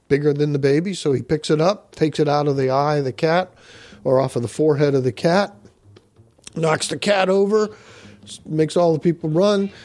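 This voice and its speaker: A man's voice: on the high side, mellow. A man casually recapping a comic book story in a rambling way, with frequent uhs.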